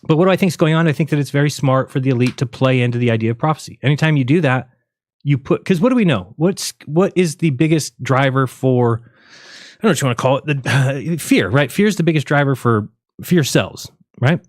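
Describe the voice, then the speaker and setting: A man's voice: mid-range voice, brisk, no echo, clean studio sound. A man hosting a casual livestream, rambling and joking, often laughing at his own jokes. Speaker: livestream host.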